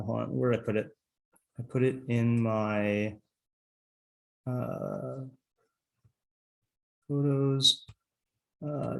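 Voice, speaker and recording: A middle-aged rabbi leads a casual class in a voice of ordinary middle pitch. He talks in a loose, chatty way, stops himself mid-thought and laughs easily as he goes. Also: fairly bright tone. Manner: chatty, self-interrupting, laughs often.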